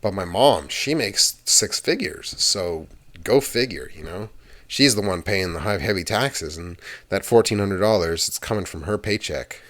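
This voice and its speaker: A man's voice: low-pitched, animated, a little slow, fairly bright tone. A young man hosting an ASMR channel, rambling through a casual chatty monologue with some swearing.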